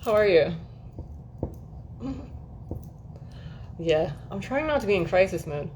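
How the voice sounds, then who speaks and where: A woman livestreams from an air-conditioned room in her home, chatting casually with viewers, rambling, swearing freely and often laughing at herself. Her mid-range voice is darkish, with lively intonation and an unhurried pace, over slight background noise.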